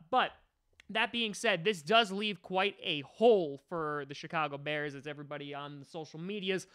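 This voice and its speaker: A man's voice: a little high, pushed and bright, smooth. A man hosting a comedic sports podcast, rambling and joking with mock sarcasm. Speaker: podcast host.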